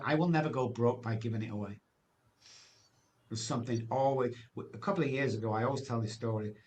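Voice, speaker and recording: A man's voice: medium pitch, slight background noise. A man, telling his recovery story as a guest in an emphatic, personal way, often ending phrases with "man". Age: 60s.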